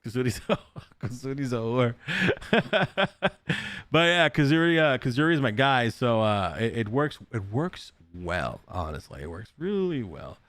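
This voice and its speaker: A man's voice: medium pitch, very animated, a little slow, a bit bright. A man hosting a casual podcast who rambles, swears freely and laughs often. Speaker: podcast host.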